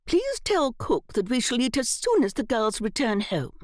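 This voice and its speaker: A woman playing a sharp, haughty old aunt. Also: on the high side, very animated, normal speed, no room sound, studio quality, pitched above the performer's own voice. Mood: musing. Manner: sharp, imperious. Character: haughty elderly aristocratic aunt.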